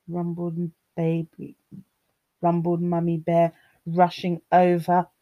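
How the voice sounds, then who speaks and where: A woman reading a fairy tale aloud to children, expressive and sing-song, talking to her young listeners. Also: medium pitch, slow. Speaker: children's storyteller.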